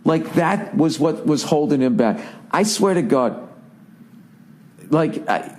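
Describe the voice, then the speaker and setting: A man's voice: a little high, expressive, slow pace, darkish tone. A man hosting a podcast, delivering a profane, sarcastic, exasperated comedic rant in a casual monologue. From United States. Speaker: podcast host.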